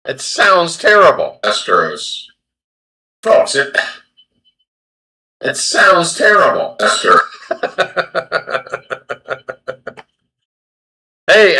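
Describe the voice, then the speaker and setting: A man's voice: medium pitch, pushed and bright. A man hosting a live baseball stream, doing casual play-by-play in a flustered, self-deprecating way and talking to himself.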